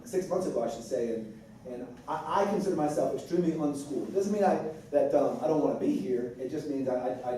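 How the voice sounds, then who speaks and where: A man's voice: medium pitch, warm tone, slight background noise. A man leading a school staff meeting in casual talk, joking and rambling with lots of restarts and fillers. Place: large indoor room with a group. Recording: echoey room from far off with chatter.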